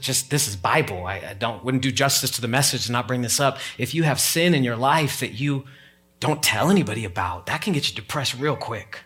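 A man's voice: mid-range voice, fairly bright tone. A man preaching a sermon as pastor, talking casually to the congregation and rising to emphatic, heightened moments.

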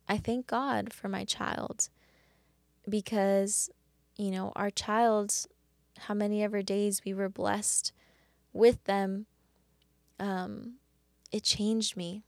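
A woman hosting a faith devotional talk, speaking earnestly and haltingly with many restarts. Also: medium pitch, gravelly, dry recording, clean studio sound. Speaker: podcast host.

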